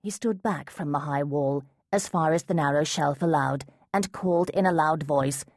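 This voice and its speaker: A woman narrating an unabridged fantasy audiobook in a measured, steady way. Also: low-pitched, no echo, studio quality. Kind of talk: scripted narration.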